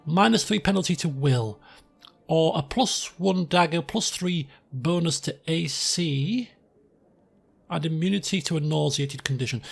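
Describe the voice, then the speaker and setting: A man giving casual, chatty, excitable gameplay commentary as a let's play host at a desk microphone. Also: fairly high pitch, gravelly, slightly rough. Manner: chatty, excitable, self-mocking.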